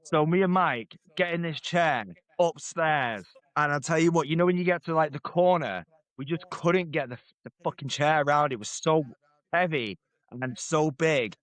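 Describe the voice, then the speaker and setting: A man's voice: a little high, normal speed, fairly bright tone, no echo. A man co-hosting a podcast, telling a sweary, rambling family story with laughs. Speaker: podcast co-host. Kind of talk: casual storytelling.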